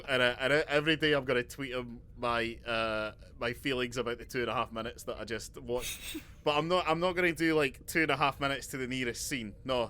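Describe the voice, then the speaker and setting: A man co-hosting a comedy podcast, delivering absurd jokes in a matter-of-fact, deadpan way. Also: medium pitch. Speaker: podcast co-host. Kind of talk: casual comedy podcast banter.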